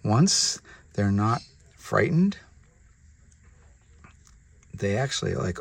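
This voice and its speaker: A man who breeds reptiles, hosting a casual vlog while handling snakes, chatty and sometimes dropping to soft murmurs toward the animals, recorded on a handheld camera mic indoors. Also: fairly low pitch, sing-song, slow pace, gravelly, long pauses, breathy edge, no echo. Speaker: reptile breeder and channel host.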